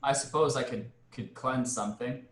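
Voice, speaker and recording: A man playing a tabletop role-playing game, talking in a hesitant, halting way. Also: mid-range voice, reverberant. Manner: hesitant, halting speech with fillers. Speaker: player. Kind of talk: tabletop role-play chat.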